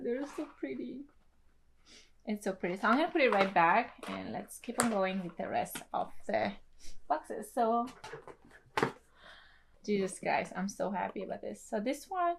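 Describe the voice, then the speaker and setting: A young adult woman, a native Tetum speaker, chatting excitedly through an unboxing vlog with lots of gushing and laughs. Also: medium pitch, creaky, slight background noise. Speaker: beauty vlogger.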